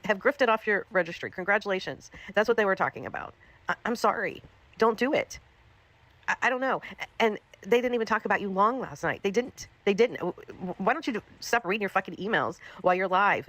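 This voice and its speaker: A woman's voice: mid-range voice, a bit bright, dry recording. A woman hosting a commentary livestream, ranting in an exasperated, profane way, repeating herself.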